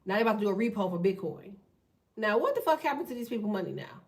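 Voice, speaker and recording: A woman hosting a tarot channel, talking in a blunt, profane, fast casual rant. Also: mid-range voice, lively intonation, recorded from a distance. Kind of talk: casual ranting monologue.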